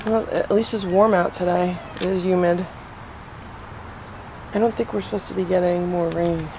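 Calm, matter-of-fact cat vlogger. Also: mid-range voice, moderate pace, noisy background. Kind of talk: casual home vlog narration. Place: home and yard, in and out of doors.

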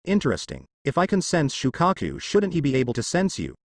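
A man's voice: a little high, huge pitch swings, a little fast, no echo, clean studio sound, exaggerated voice. A man reading the lines of a cocky, scheming teenage boy ninja in a wry, musing way.

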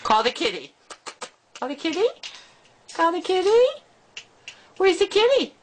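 A woman's voice: extremely high pitch, very animated, unhurried. A woman at home coaxing her pet in sing-song baby talk, with frequent gasps and laughs. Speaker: pet owner talking to her bird. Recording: noisy home camera recording.

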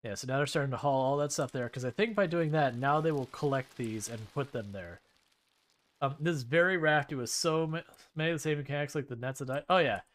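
This is casual gameplay chat from a man with a medium-pitched voice who talks a little fast. He stays laid-back and wry, narrating his thoughts as he plays.

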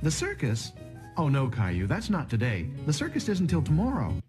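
A calm cartoon mother, lowish and warmly patient, with a voice that swings widely as she coaxes her little boy and gently tells him off. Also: moderate pace, over loud music. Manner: patient, coaxing, mildly scolding.

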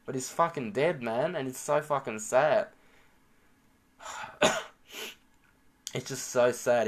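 A man's voice: medium pitch, measured pace, pauses often. A young man rambling in a mournful, profane reaction vlog. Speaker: vlogger.

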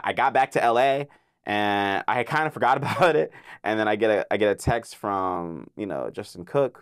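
Excitable young man, low voice, dry mic. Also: no echo. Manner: excitable, heavy use of filler "like", acts out quoted voices. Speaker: voice actor guest. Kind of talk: casual interview storytelling.

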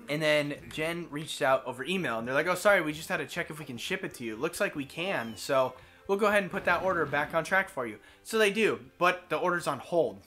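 Animated, profane man telling a story. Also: a little high. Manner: animated, profane storyteller who acts out quotes. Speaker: let's play host. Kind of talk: casual gaming commentary and storytelling.

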